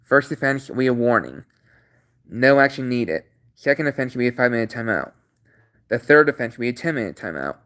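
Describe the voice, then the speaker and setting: A man hosting his own channel stream, laying out chat rules in a halting, repetitive way with many restarts, earnest and apologetic at times. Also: mid-range voice, very animated, a bit bright. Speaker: channel host. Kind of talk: casual livestream talk.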